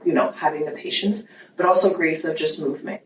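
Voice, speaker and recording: Animated woman guest in echoey room. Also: low-pitched, fairly quick. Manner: animated, rambling with many fillers and restarts. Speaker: guest parenting educator. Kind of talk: casual conversational interview. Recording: echoey room, distant mic, faint noise.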